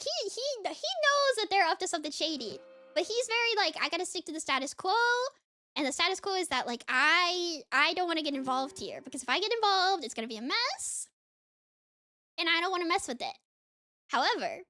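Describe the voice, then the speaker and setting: A woman streamer chatting casually, excitedly rambling through a story recap with lots of fillers. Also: very high voice.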